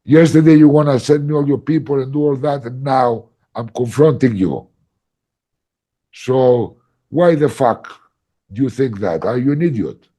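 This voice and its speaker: A man voicing an aggressive, menacing mafia boss who shouts and swears, quoted within a podcast story. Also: mid-range voice, unhurried, natural voice. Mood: furious.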